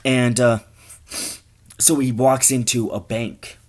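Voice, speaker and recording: A man's voice: mid-range voice, steady tone, slow pace. A man telling a rambling, profane comic story in a casual way. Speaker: comedian.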